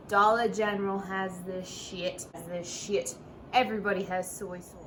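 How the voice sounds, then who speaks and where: A woman's voice: mid-range voice, flat delivery, moderate pace, a bit bright. A woman hosting a casual home cooking video in her kitchen, talking in playful, profane mock-chef banter. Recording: noisy room ambience.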